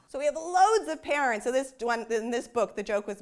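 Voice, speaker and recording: A woman's voice: high voice, expressive, a little fast, hardly any pauses. A woman psychologist giving a public science talk, explaining her research in a conversational way with frequent "you know" asides.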